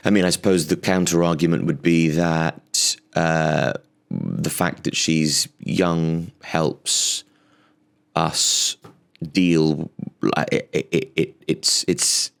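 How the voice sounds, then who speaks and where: Gravelly, sarcastic male comedian ranting. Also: extremely low pitch, takes it slowly. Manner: exasperated, sarcastic, stammering restarts. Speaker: comedian host. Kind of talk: comic rant monologue.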